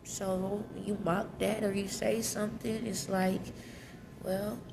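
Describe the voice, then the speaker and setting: A woman's voice: mid-range voice, little pitch movement, slow pace, vocal fry. Tearful woman venting in a noisy lobby. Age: adult with children. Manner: tearful, raw and candid, speaks in casual vernacular. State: crying. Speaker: vlogger. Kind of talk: emotional confessional vlog. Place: hotel lobby.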